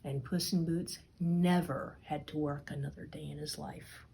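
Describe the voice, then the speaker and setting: A woman narrating a storytime fairy tale at an unhurried pace. Her voice is husky and low-set, and she often drops into whispers for effect. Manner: slow, expressive, dips into whispers.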